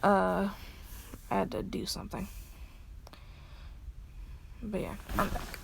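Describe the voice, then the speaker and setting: Woman storyteller, casual and rambling; slow, husky, heavy vocal fry. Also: mid-range voice, sing-song, noisy background. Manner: rambling, full of fillers and restarts. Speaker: fan storyteller.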